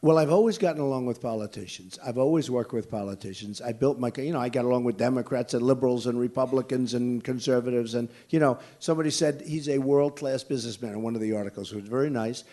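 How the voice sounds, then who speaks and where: A man's voice: medium pitch, fast talker, few pauses, mellow. An older man from the United States answering questions at a campaign rally, blunt and emphatic, repeating his points. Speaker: presidential candidate at a rally. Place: large indoor venue.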